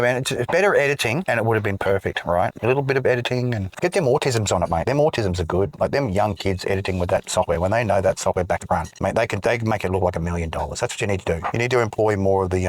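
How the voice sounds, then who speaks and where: A man's voice: lowish voice, fast, few pauses, no room sound. A man, co-hosting a casual chat, rambling and joking, saying mate a lot. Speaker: podcast co-host.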